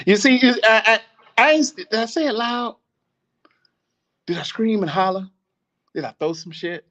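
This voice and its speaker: A man hosting a podcast, talking in a casual, animated monologue, swearing, preaching and laughing often. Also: high-pitched, normal speed, pauses often. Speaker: podcast host.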